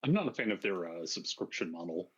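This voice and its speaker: Husky, low-voiced man on a dull call line. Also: big pitch swings. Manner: laid-back, quick to affirm. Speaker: guest artist. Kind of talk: casual chat.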